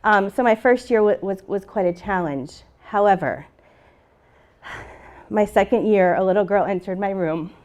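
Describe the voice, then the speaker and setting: A woman's voice: mid-range voice, a little slow, a little mellow. Heartfelt woman teacher telling her story. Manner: heartfelt, emotional, retelling dialogue. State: tearful at moments. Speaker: teacher giving a conference presentation. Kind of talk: personal story told to a live audience.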